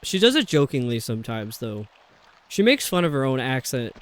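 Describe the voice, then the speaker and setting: A man's voice: mid-range voice, big pitch swings, normal speed. A man streaming a video game, chatting casually and rambling with lots of fillers. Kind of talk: casual chat while playing a video game.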